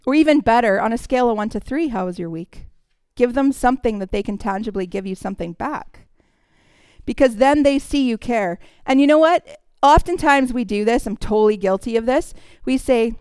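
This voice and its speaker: Clear-voiced woman preaching conversationally. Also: fairly high pitch, expressive, a little fast, no room sound. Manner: warm, conversational teaching with acted quotes. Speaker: speaker in a church service. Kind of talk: sermon.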